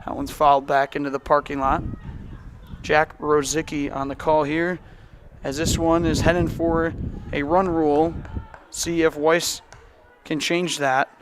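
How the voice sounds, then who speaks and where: A young man from the calling a high school softball game as the play-by-play announcer, brisk and rising sharply on big plays. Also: flat delivery, background noise.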